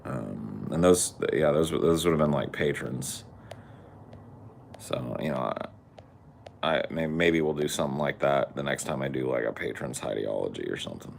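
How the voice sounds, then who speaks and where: Man, podcast co-host, very deep gravelly voice, crude joking banter. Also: moderate pace, slight background noise. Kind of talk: casual podcast chat.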